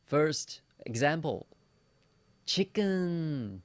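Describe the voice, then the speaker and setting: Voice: mid-range voice, animated, slow pace, a little mellow, dry recording. A Mandarin teacher giving an online beginner lesson, playfully demonstrating sounds and asking learners to repeat after them.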